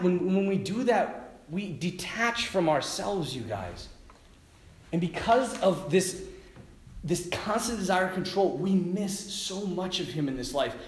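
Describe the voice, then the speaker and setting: A priest giving a sermon, telling a personal story in a lively way, laughing and restarting his sentences. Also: on the high side, echoey room. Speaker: priest, vocation director.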